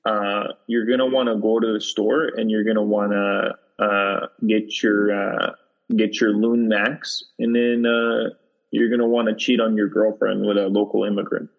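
A man doing a gravelly, husky small-town Minnesotan drawling through a mock sign-off, halting on every other word. The sound is dull and lo-fi, with a long hall-like reverb trailing behind it. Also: lowish voice, little pitch movement. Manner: slow, halting delivery full of filler words.

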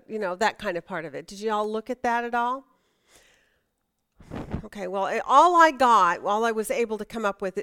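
Woman, middle-aged, Bible study teacher, fairly high voice, smooth, conversational, questions to the class. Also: fairly bright tone. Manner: conversational, asks the class questions, restarts sentences.

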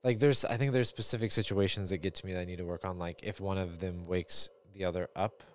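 A man's voice: deep voice, fairly even intonation, quick pace, a little hiss or hum. A man co-hosting a casual podcast chat as a parent, thinking aloud in a rambling way with many fillers.

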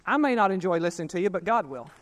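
A male pastor delivers a sermon in a fairly high-pitched voice. He preaches emphatically, slows down to stretch out key words and swells loud, then drops into folksy asides. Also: expressive. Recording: archival 1992 sermon recording.

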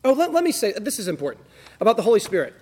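A man with a high, light voice speaks at a quick clip as he leads a church class. He tells his stories with emphatic energy. His voice carries a long reverb, as if from a hall. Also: sing-song, a little mellow, breathy edge. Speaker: class leader.

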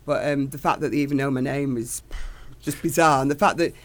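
A middle-aged singer from Manchester talks in a casual interview, her plain throughout. She rambles from one excited story to the next, gushing with delight. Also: very deep voice, brisk.

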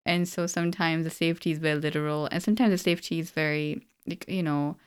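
Female co-host, clean smooth tone, lowish pitch, sincere and reflective. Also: steady tone, quick pace. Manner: earnest, reflective storytelling. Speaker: podcast co-host. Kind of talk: casual chat.

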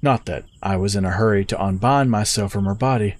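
A man telling a story in the first person with steady, measured scripted narration. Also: on the low side.

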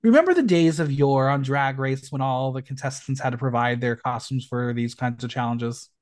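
A man's voice: medium pitch, normal speed. A man hosting a podcast, recapping a reality show in a gossipy, campy way. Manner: animated, gossipy, campy asides. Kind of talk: casual chat.

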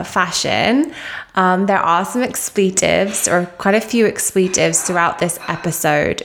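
A woman hosting a casual podcast interview in a warm, affirming, gushing manner. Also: fairly low pitch. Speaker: podcast host.

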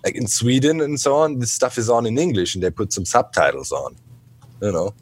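A man's voice: medium pitch, animated, brisk, a little mellow, husky. A man from Germany chatting casually on a podcast, rambling with mildly exasperated opinions and lots of fillers. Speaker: podcast panelist. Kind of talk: casual chat.

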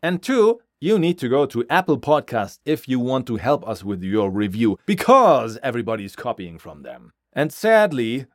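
A man's voice: medium pitch, dry recording, studio quality. A man hosting a podcast, giving chatty step-by-step instructions to listeners. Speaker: podcast host. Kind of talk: casual promo for listeners.

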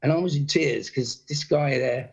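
A man from England chats casually, his voice gravelly with a rough, husky edge. He is an animated storyteller who slips into the voices of the people in his tales. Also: mid-range voice, normal speed, low-quality recording. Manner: animated storyteller, acts out quotes. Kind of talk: casual chat, anecdotes.

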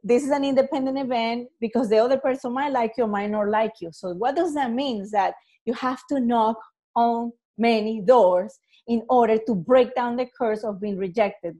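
A woman's voice: on the high side, a little mellow. A woman educator talking casually to the camera, chatty, with many fillers and frequent laughs.

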